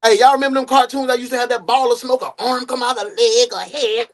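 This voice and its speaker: A man hosting a live-stream reaction show, joking casually and swinging into loud outbursts. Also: very high-pitched, steady tone, fast talker.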